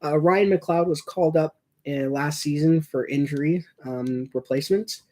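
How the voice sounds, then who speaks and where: A man's voice: on the high side, normal speed, dark tone. Man rambling through watch-along hockey chat. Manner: rambling, reactive, many fillers. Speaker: hockey fan commentator. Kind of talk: casual watch-along commentary.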